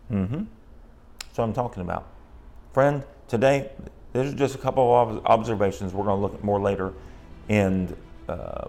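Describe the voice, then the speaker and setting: A man's voice: lowish voice, darkish tone. A man preaching a conversational sermon, acting out the voices of people he quotes.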